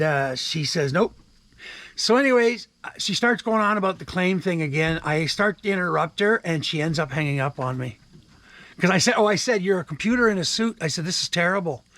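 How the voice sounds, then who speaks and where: An older man with a Canadian accent rants about his grievances, swearing freely and retelling every exchange with "I said". His voice sits high, and the recording is dry and close, with no room echo. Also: fairly bright tone. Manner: profane, repeats "I said" while retelling calls. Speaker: vlogger. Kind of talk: angry ranting monologue. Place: home in the wilderness.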